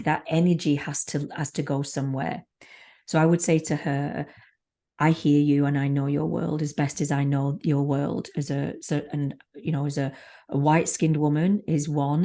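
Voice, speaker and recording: A woman's voice: deep voice, mellow. A woman who is a spiritual mentor, a guest on a podcast, speaking frankly and swearing freely in casual conversation.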